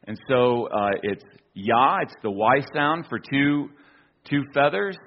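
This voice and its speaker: A man's voice: mid-range voice, lively intonation, unhurried, dull audio. A man from the United States giving a casual illustrated talk, telling a travel story with many fillers and restarts. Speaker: speaker presenting an archaeology slideshow.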